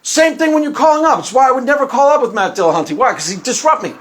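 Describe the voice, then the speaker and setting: A man's voice: extremely high pitch, fast, slight background noise. A man talking unscripted to his video audience, telling stories animatedly and acting out what others said, often laughing. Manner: animated storytelling, acts out quotes, laughs often; conversational, many restarts. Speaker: YouTube commentator.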